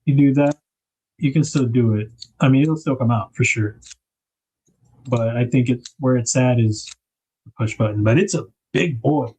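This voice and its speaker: A man's voice: mid-range voice, moderate pace, long pauses, dark tone, husky, rough recording. A man hosting a knife livestream, chatting casually and rambling as he unboxes gear. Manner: laid-back, rambling, thinks aloud with fillers.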